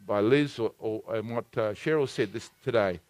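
A man preaching a sermon, swinging between loud exhortation and hushed, intimate asides. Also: lowish voice, normal speed, no room sound.

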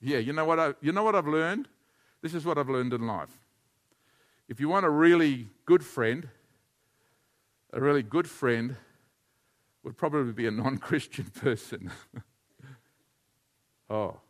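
A man preaching a sermon as a pastor, animated and leading his congregation in call-and-response. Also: medium pitch, measured pace, long pauses.

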